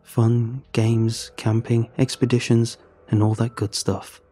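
A man's voice: medium pitch, completely flat delivery, slow, warm tone, breathy edge, soft background music. A man narrating a first-person story in an earnest, emotional way.

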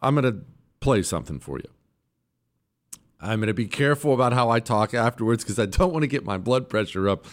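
A male talk show host delivers opinionated political commentary straight to his listeners. His voice sits in a middle register, and he is emphatic and sarcastic. He keeps breaking into high, mocking put-on voices. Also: animated, a little fast.

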